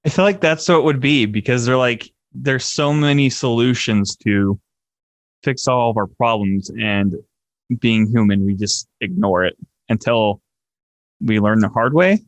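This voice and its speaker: A man hosting a podcast interview over a video call, relaxed and offhand. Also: mid-range voice, measured pace, no room sound. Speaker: podcast host.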